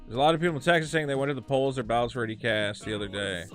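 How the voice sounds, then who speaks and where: A man with a medium-pitched voice races through casual gameplay commentary while streaming a video game, with soft music in the background. A streamer and podcast host, he is animated, ranting and profane, swearing a lot as he chats.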